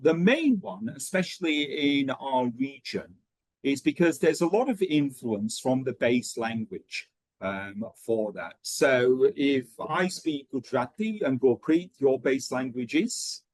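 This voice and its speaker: A man running an online teacher training session, talking in a steady rhythm with frequent ums and okays. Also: mid-range voice, no echo, poor audio.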